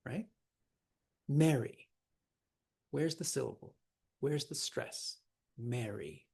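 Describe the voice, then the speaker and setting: Slow, husky-voiced man teaching. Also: mid-range voice. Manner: animated, repeats words for emphasis, laughs often. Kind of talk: classroom lecture.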